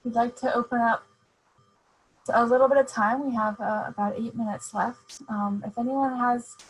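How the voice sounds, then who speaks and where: A woman hosting a virtual book event over a video call, speaking softly with many fillers. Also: fairly high pitch, steady tone, rough recording. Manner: slow, soft, many fillers. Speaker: host.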